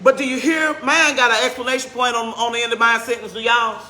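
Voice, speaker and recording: A woman pastor preaching a sermon in a church, talking with the congregation and asking them questions as she goes. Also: on the high side. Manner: animated, speeds up and slows down for emphasis. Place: church sanctuary. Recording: roomy church echo.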